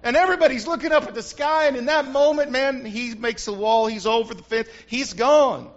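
A man's voice: very high voice, a little fast. A man preaching a sermon to his congregation, telling stories with animation and often calling out "Amen?" to the room. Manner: animated storytelling, frequent call-outs to the congregation. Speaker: pastor. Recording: dull lo-fi recording.

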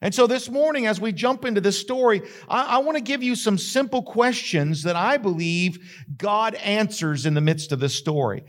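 Dramatic preacher. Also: male voice, sits high, lively intonation, moderate pace. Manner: dramatic, rising to emphatic questions. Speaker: pastor. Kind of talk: sermon with dramatic storytelling.

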